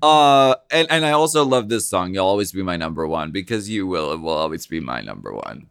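A man co-hosting a casual podcast, low-pitched and very lively in his intonation. He talks in a playful, campy way and laughs often. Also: fairly quick, creaky, smooth, no room sound, studio quality. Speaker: podcast co-host. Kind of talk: casual chat.

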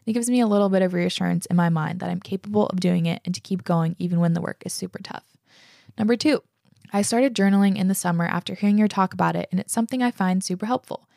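A woman's voice: lowish voice, fast talker, gravelly, warm tone, no echo, clean studio sound. A young woman hosting a casual podcast, reading listener letters aloud and chatting about them, enthusiastic and swearing freely. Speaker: podcast host.

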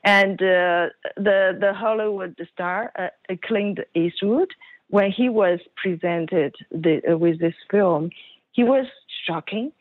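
Woman guest, halting with fillers, slow, tinny phone line. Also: mid-range voice, dry recording. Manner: hesitant, many fillers. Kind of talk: interview conversation.

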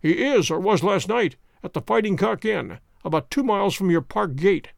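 A man voicing a cool, inexorable middle-aged detective who speaks in a measured, deliberate way. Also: high-pitched, lively intonation, creaky, dry recording, studio quality. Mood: triumphant.

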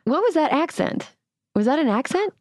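A woman's voice: high-pitched, sing-song, normal speed. A woman hosting a podcast, chatting casually with a wry, joking delivery. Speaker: podcast host.

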